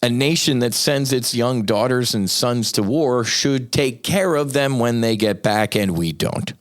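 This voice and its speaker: A man's voice: medium pitch, unhurried. A middle-aged American man hosting a podcast, delivering a blunt, profane, fired-up monologue. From United States. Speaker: podcast host. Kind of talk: impassioned monologue.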